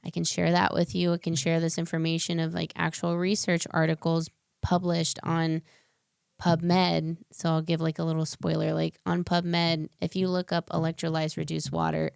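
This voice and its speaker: A young adult woman speaks as a podcast guest, earnest and a little rambling. Her voice sits low with a gravelly fry, yet stays smooth and resonant. The sound is dry and close. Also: monotone, moderate pace, a little mellow, dry recording. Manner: earnest, talks in long winding explanations with fillers. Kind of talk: casual interview conversation.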